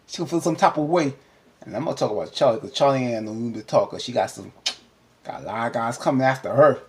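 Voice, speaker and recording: A man recapping a TV episode in a casual, animated, rambling way, often cutting himself off, with features. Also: mid-range voice, fast. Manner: animated, rambling, self-interrupting. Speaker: TV recap vlogger. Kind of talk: casual chat.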